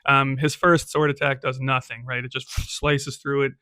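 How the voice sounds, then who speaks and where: A man's voice: mid-range voice, little pitch movement, moderate pace, bright, forceful tone, clean tone, no echo, studio quality. A man narrating a solo tabletop game as game master, casual and chatty, peppering his telling with "right?" and "um".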